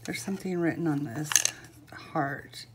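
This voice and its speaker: An older woman opens a gift on camera in a casual home vlog, speaking slowly and tenderly. Her voice sits a bit low, and she gushes with feeling, trailing into pauses and fillers. A faint hum of room noise sits underneath. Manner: gushing and sentimental, with many pauses and fillers. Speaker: vlogger. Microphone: camera mic.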